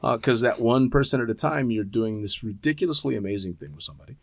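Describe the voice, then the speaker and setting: A man's voice: mid-range voice, fast, gravelly, no echo. A middle-aged man, a skydiving instructor, chatting casually and candidly, swearing freely. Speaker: tandem instructor and podcast host. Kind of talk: casual chat.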